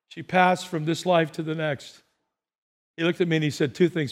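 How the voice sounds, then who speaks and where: A man preaching a sermon as pastor, telling stories and acting out voices, swinging between soft and loud. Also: a little high, fairly even intonation, normal speed. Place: church sanctuary. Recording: long reverb of a large hall.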